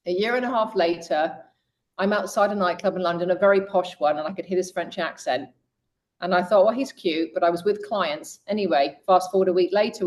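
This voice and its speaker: A middle-aged woman in an interview, telling her own story and speaking straight to women listeners. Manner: lively storyteller who voices quoted people with raised pitch; direct, addresses women listeners. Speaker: guest coach.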